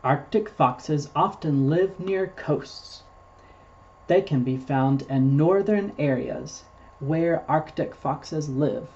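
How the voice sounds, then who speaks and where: A man's voice: a little high, slow pace, a little mellow, highs cut off, slight background noise. A man hosting a children's storytime, reading picture books aloud and patiently explaining words for small children. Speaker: storytime host reading to preschoolers.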